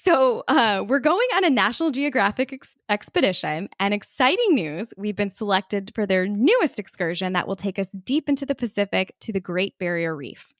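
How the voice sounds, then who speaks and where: A woman's voice: medium pitch, very animated, no echo, studio quality. A woman co-hosting a podcast, presenting her ride idea in a giggly, bubbly, casual way. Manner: giggly, bubbly, quick to apologize. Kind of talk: casual chat.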